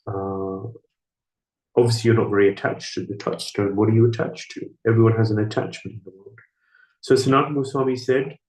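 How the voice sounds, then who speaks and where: A man's voice: steady tone, brisk. Man telling a temple sermon story. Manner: storytelling, acting out dialogue with raised pitch. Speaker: speaker giving a scripture class. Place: temple hall. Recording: echoey room.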